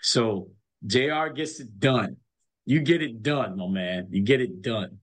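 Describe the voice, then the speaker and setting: A man's voice: mid-range voice, measured pace, slightly rough. A middle-aged man, a college basketball coach, telling stories emphatically in a casual interview and repeating words as he builds a point.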